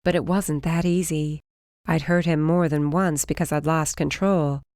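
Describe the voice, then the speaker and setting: Female audiobook narrator, lower voice, dry close recording, steady first-person read. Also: normal speed, no echo.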